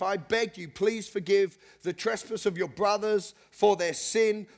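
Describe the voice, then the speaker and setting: High-voiced man preaching a lively sermon. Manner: animated, leads the congregation in repeated call-and-response; chuckles between points, conversational asides. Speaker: pastor.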